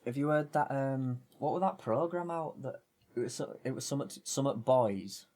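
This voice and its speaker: A man's voice: medium pitch, moderate pace, darkish tone. A young man with a Yorkshire accent, co-hosting a podcast in casual chat, blunt and prone to restarting his sentences. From England. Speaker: podcast co-host.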